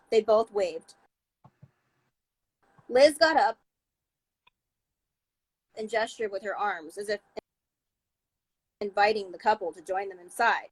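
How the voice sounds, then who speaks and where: A woman's voice: mid-range voice, breathy edge, no room sound, poor audio. A woman reading a novel aloud live over a video call, with small slips and restarts. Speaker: book reader. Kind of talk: live-streamed book reading.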